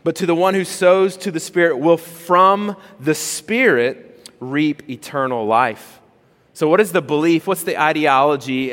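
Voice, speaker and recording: A male pastor preaching a sermon in a conversational, animated way, full of rhetorical questions. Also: a little high. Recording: long reverb of a large hall.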